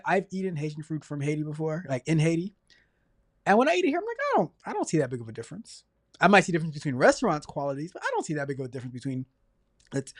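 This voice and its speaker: A man hosting a casual livestream, chatty and energetic, rambling along and stumbling over repeated words. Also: fairly high pitch, dry recording, clean studio sound. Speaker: livestream host.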